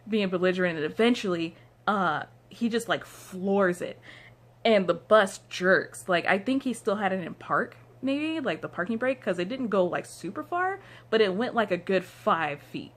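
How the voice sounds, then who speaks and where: A woman's voice: mid-range voice, expressive, moderate pace. A young woman vlogger telling a casual story from home into her phone, rambling with lots of "like" fillers. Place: downstairs room at home.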